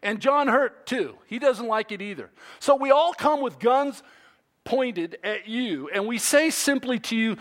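A man delivers a sermon in a high voice that leaps around in pitch. He speaks at an unhurried pace, breaking into playful acted-out bits to drive his points home. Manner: animated, playful storytelling with acted-out quotes. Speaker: preacher.

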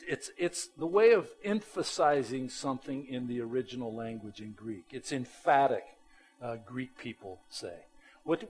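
An animated male pastor preaching a sermon, his slightly high voice rising and falling in lively swings. He speaks emphatically and plainly, with faint music underneath. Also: low-quality recording.

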